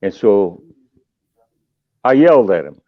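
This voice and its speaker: Older male guest, animated storyteller, dry dull recording. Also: on the low side, takes it slowly, no echo. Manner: animated and emotional, voice jumps up in excitement. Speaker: guest musician. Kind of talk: storytelling in a podcast interview.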